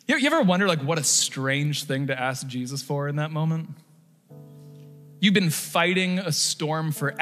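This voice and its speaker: High bright-voiced pastor preaching in a hall. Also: male voice. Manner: conversational, animated preaching with fillers and rising emphasis. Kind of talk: sermon. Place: church sanctuary stage. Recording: long hall reverb.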